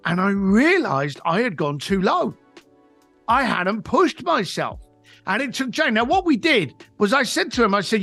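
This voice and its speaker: A man's voice: sits high, unhurried, gravelly, faint music behind. A man, a coach and author telling emphatic stories as a podcast guest and acting out the quotes. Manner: animated storyteller, emphatic, acts out quotes. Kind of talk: podcast interview storytelling.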